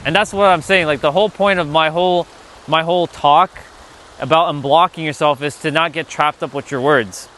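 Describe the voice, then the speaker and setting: A man's voice: on the high side, fairly even intonation, normal speed, fairly bright tone, a little hiss or hum. A man hosting a casual spiritual livestream, rambling loosely, reading the chat and swearing now and then.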